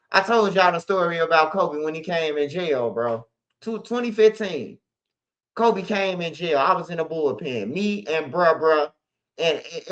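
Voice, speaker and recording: A man, hosting a street news channel, retelling a story in a loose, slangy, profane, emphatic way. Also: fairly high pitch. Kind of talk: casual storytelling monologue. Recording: dull lo-fi audio.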